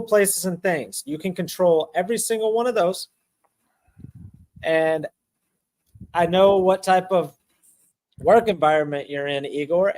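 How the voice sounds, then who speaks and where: A man in a relaxed podcast chat whose voice sits a little higher than most men's. He talks animatedly, stumbles into restarts and repeats words as he builds a point. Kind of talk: casual conversation.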